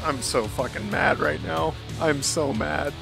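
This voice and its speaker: A man's voice: fairly high pitch, fairly even intonation, unhurried, gravelly, a bit bright. A man commentating a video game play-through, frustrated and swearing constantly, while sick. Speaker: gaming streamer. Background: game music.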